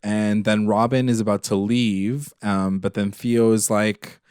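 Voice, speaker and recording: A podcast co-host retells a TV episode in casual, emotional conversation, animated and packed with fillers and swearing. His voice is lowish and clean-toned, his pace a little slow, and the recording is dry with clean studio sound.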